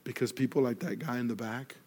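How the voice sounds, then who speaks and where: A man preaching a sermon, telling a story and acting out each person in it, rising loud when excited and falling soft and quiet for earnest points. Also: mid-range voice, fast talker. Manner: animated storyteller, acts out dialogue, grows loud in excitement. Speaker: pastor.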